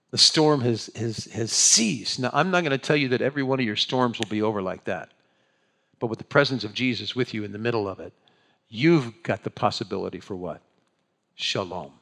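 A man preaching a conversational sermon in a church, leading his congregation in call-and-response and moving between hushed pauses and lively outbursts. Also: on the low side. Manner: dramatic pauses, swings from hushed to animated. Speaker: pastor.

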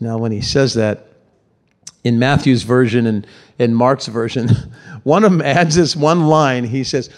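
A man's voice: medium pitch, measured pace. Conversational, emphatic male preacher. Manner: conversational, emphatic, repeats words when stressing a point. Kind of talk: sermon.

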